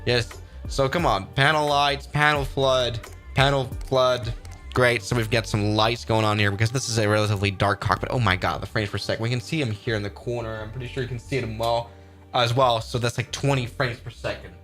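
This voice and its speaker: A man's voice: medium pitch, fairly even intonation, a little fast, fairly bright tone, faint music behind. A man doing casual live-stream commentary on a flight simulator, upbeat and rambling as he thinks aloud.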